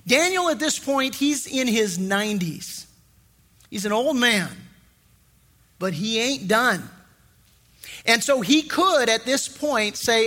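A middle-aged man preaching a sermon as pastor, in a lively conversational way with frequent restarts. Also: very high voice, a little slow.

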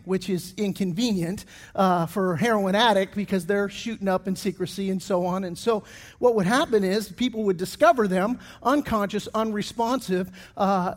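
High-voiced pastor preaching in a hall. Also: male voice, moderate pace. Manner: storytelling with many restarts and fillers. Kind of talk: sermon.

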